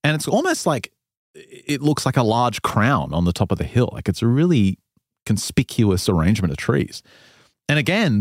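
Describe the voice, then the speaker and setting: A man spins a strange tale to his co-host, loose and animated, breaking into laughter as he goes. His voice sits at an ordinary middle pitch. The sound is dry and close, with no room echo. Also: normal speed. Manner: animated retelling, laughs often, loose fillers. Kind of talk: casual storytelling chat.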